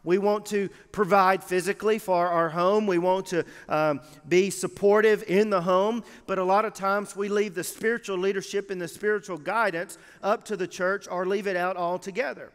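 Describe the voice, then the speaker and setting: High-voiced male preacher in a reverberant church. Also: steady tone, clear, resonant tone. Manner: emphatic preaching with measured pauses. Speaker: pastor. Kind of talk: sermon. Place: church sanctuary. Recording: long hall reverb of a church sanctuary.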